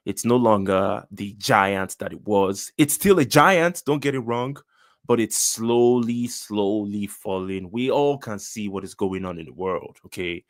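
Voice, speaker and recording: A man with a Nigerian accent hosting a political commentary channel, speaking in an emphatic, direct way and addressing his listeners. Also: fairly low pitch.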